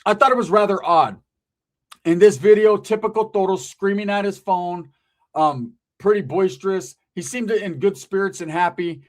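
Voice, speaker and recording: High-voiced man riffing casually. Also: moderate pace. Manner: conversational, frequent "right?" asides, profanity, self-corrections. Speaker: commentary channel host. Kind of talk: casual commentary monologue.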